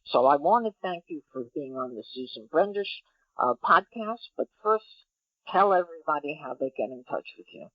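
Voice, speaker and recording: A woman's voice: deep voice, lively intonation, normal speed, dry recording, lo-fi sound. A woman hosting a podcast interview, effusive as she thanks her guest. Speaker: podcast host.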